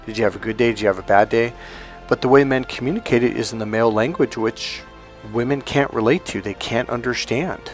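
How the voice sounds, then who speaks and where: A man's voice: medium pitch, fairly quick, faint music behind. Emphatic male relationship coach. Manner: emphatic, acts out quoted couples' lines. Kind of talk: solo coaching monologue.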